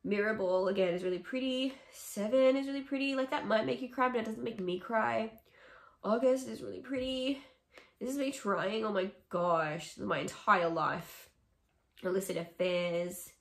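A woman's voice: medium pitch, moderate pace, vocal fry. A young woman talks through her opinions in a loose, chatty way, dropping sarcastic asides as she goes. Her voice sits in a middle range. The room around her gives the sound a noticeable echo. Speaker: music vlogger. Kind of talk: casual ranking chat to camera. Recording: echoey room.

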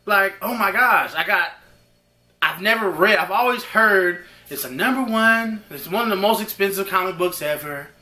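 Brief: male unboxing host, high bright voice, excitable and rambling. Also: normal speed, reverberant. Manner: excitable, rambling, talks to viewers as guys. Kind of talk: casual unboxing chat.

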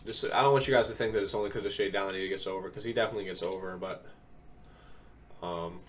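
A young man with a deep voice and fairly even intonation speaks fast, giving relaxed gameplay tips while recovering from an illness. He walks through plays step by step with frequent ums, captured on a distant mic with faint keyboard noise.

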